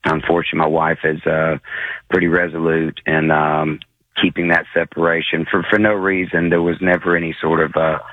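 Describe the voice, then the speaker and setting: A very deep-voiced man in his forties calls in over a tinny, dry phone line. He speaks hesitantly and keeps stopping to restart his thoughts. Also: little pitch movement, no echo. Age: 40s. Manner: halting, hesitant, many fillers. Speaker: caller.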